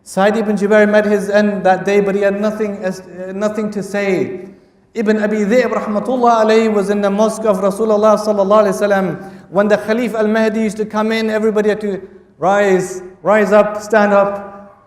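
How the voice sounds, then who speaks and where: A man gives a historical storytelling lecture, weaving Arabic quotes into English and repeating phrases for emphasis. His voice is high. It is picked up from a distance, with a long reverb filling a large hall. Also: level tone, fairly quick. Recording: echoey hall from far off.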